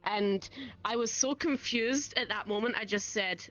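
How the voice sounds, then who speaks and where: A young Scottish woman, a guest on a casual interview show, telling stories in a giggly, animated way and acting out the people she quotes. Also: a little high, a little slow. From Scotland. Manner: giggly, animated storyteller, acts out quoted voices. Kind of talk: casual chat.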